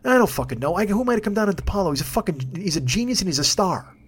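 A podcast host delivers a profane, rambling comedic rant. His voice sits high for a man, and the words tumble out at a rapid clip. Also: big pitch swings, breathy edge.

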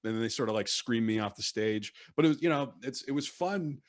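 A man's voice: medium pitch, animated, a little fast. A man co-hosting a casual podcast chat, telling stories in a rambling, self-interrupting way. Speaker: podcast co-host.

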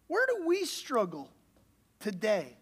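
A man's voice: high-pitched, huge pitch swings, takes it slowly, fairly bright tone, slightly rough. A man, the pastor, preaching a sermon in a conversational way and building to emphatic questions.

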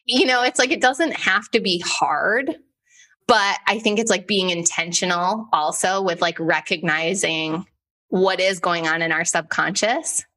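A woman hosting a podcast with a bright, clear tone at an ordinary pitch. She talks in a loose, chatty way, leaning on "like" as she tells personal stories with animated energy. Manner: chatty, heavy use of "like", animated storytelling. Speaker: podcast host. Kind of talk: casual chat.

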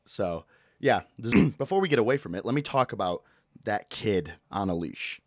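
Speaking with a fairly low pitch, a man runs a casual one-man podcast full of rants and jokes about everyday grievances. He's animated and tends to shout out bits, and the studio-quality audio has no room sound.

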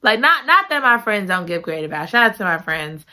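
A woman's voice: medium pitch, sing-song, a little fast, pushed and bright. A woman giving a chatty, slangy retelling of a story, full of playful asides to her viewers. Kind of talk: animated storytime chat.

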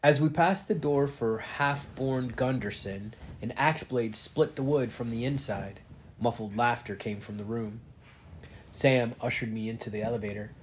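A man's voice: mid-range voice, normal speed, a little hiss or hum. A man reading a novel aloud in a casual way, giving the characters light voices. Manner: reads with light character voices and stops to chat. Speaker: reader.

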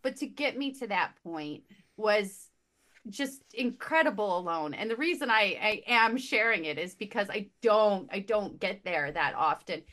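Gushing, expressive woman in casual book chat. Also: mid-range voice. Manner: quick restarts and repeated words. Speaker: podcast panelist.

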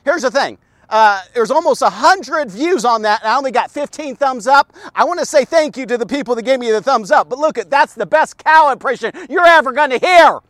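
A man hosting an informal daily devotional, talking in an animated, folksy way that keeps circling back to "look at" and "okay". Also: extremely high pitch, brisk, dry recording. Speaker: devotional host. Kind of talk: casual devotional talk. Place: outdoors in a park.

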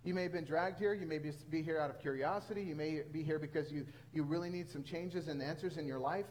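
High-pitched male pastor preaching earnestly to his congregation. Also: quick pace, a little mellow, a little hiss or hum, rough recording. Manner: earnest storytelling with rising emphasis. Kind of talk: sermon.

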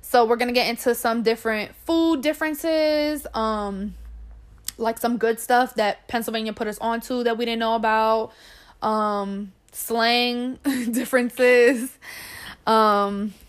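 A young woman with a New York accent co-hosts a relaxed chat. She curses freely, laughs a lot, and talks in a fairly high voice. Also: slow, smooth. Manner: swears freely, laughs often. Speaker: podcast co-host. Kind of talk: casual chat.

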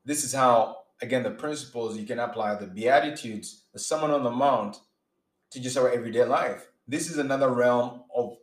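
A man's voice: medium pitch, normal speed. A man preaching informally, earnest and emphatic, often restarting his sentences and acting out his examples. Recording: roomy echo.

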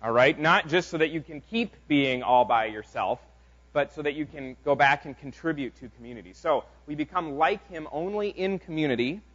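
A man preaching a conversational sermon as pastor, in an informal, halting way with frequent restarts. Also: a little high, a bit bright. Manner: informal, halting delivery with many fillers and restarts. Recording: dull lo-fi sound.

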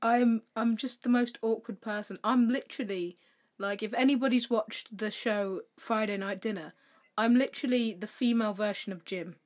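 A young woman co-hosting a casual podcast, her voice sitting a little high. She rambles and laughs at herself as she talks. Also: fairly even intonation, normal speed. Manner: giggly, rambling, self-deprecating. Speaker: podcast co-host. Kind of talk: casual chat.

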